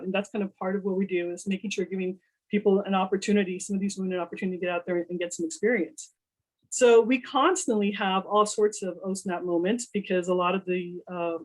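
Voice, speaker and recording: A woman's voice: medium pitch, low-quality recording. Woman, casual storytelling, chatty, acts out quoted dialogue, lots of fillers, culinary professional. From Texas. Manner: animated, acts out quoted dialogue, many "you know" fillers. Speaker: culinary professional, panel speaker.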